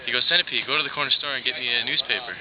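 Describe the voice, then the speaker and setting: A man's voice: mid-range voice, racing, highs cut off, a crowd in the background. A young man telling a long joke to friends in a rambling, casual way. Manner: rambling storyteller, lots of "he's like". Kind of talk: telling jokes among friends.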